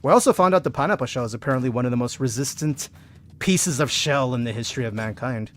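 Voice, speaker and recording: A man's voice: medium pitch, quick pace, slight background noise. A man streaming a game, joking around playfully and reading out viewer messages. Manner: playful, jokey, reads chat aloud. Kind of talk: casual gaming stream chat.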